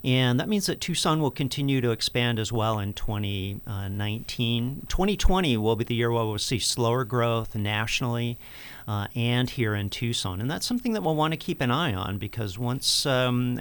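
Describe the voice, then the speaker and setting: Answering an interviewer, the director of an economic research center explains things in a measured way, often using fillers. He speaks at a medium pitch, expressive and clear, with a resonant, fairly bright tone.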